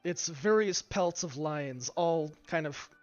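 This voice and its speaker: A man narrates a fantasy tabletop session as game master, halting over his words with frequent fillers and restarts. His voice sits fairly high for a man. The live stream sounds dull and lo-fi, with faint music underneath. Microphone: streaming mic.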